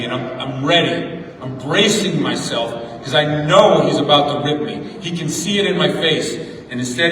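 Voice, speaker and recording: A man's voice: fairly high pitch, a bit bright. A middle-aged man giving a motivational graduation speech, telling a story and repeating words for emphasis. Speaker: graduation speaker. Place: large hall at a ceremony. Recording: echoey hall from far off.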